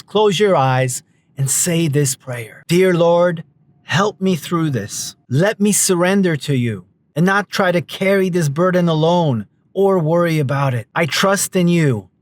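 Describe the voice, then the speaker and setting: A man giving a motivational self-help talk to camera, coaching viewers directly and calling them folks. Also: high-pitched.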